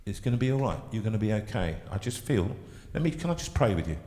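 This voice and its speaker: A man hosting a live show, telling an emotional personal story with halting restarts. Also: on the low side, very animated, warm tone, reverberant, in a large hall. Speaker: host.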